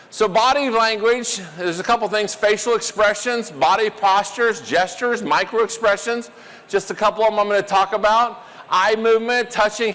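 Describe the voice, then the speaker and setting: A man giving a live workshop talk, animated and quizzing the audience. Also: sits high, big-room sound. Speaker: workshop presenter.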